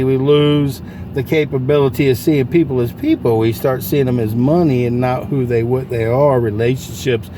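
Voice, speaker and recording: A man's voice: medium pitch, warm tone, slight background noise. A man giving a casual, folksy motivational talk about selling from inside his parked car, asking his listeners question after question. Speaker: sales coach vlogger.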